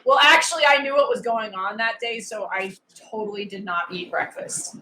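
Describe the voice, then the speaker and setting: A woman's voice: fairly high pitch, normal speed, sharp tone, low-quality recording. A woman guest on a podcast in casual chat, candid and self-mocking, often breaking into laughs. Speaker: interview guest.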